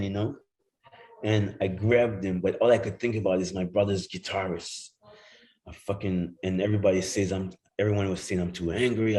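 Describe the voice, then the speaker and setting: Middle-aged man, lowish voice, animated storyteller who jumps into other people's voices and swears freely. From Jamaica. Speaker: guest. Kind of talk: casual storytelling chat.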